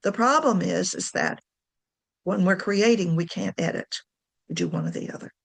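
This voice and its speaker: A woman's voice: mid-range voice, moderate pace, gravelly. A woman giving a casual talk on writing to camera, chatty, correcting herself and laughing often. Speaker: writing coach.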